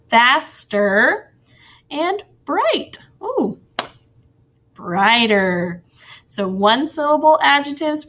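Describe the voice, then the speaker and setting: A woman teacher giving a recorded grammar lesson to young children, slow and sing-song, with soft encouraging asides. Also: mid-range voice.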